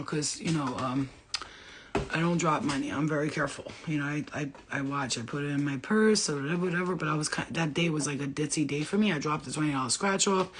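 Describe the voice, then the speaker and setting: A woman's voice: sits low, slight background noise. A woman giving a casual spiritual reading to viewers, rambling off on tangents, laughing and swearing freely. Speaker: spiritual reader.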